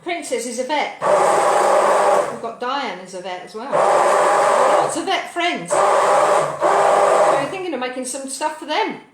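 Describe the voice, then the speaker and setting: Cheery British woman cooking in an echoey kitchen, natter over clattering dishes, mid-pitched and warm-hearted, chatty. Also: very animated, normal speed, long pauses, very noisy. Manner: cheerful, rambling, cheeky asides, bursts of loud whoops. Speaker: cooking show host. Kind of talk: chatty live cooking stream. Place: home kitchen.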